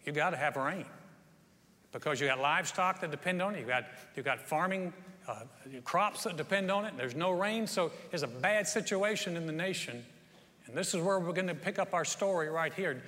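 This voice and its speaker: A man's voice: a little high, normal speed, pushed and bright. A man preaching a sermon, telling a Bible story in a folksy way and acting out the quotes with rising energy. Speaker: pastor. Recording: long hall reverb.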